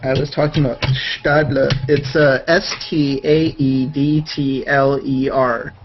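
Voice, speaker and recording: A man's voice: medium pitch, little pitch movement, unhurried, music in the background. A man hosting a casual livestream chat with friends, laid-back, chatty and joking, talking over a computer mic. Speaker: stream host. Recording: dull lo-fi stream audio with faint hiss.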